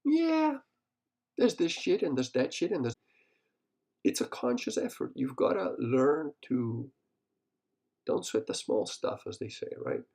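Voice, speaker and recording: A man's voice: a little high, sing-song, measured pace, gravelly, warm tone. A middle-aged man hosting a solo podcast, talking bluntly and profanely, telling stories and acting out what people said. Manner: profane, blunt, storytelling with acted-out quotes. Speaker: podcast host.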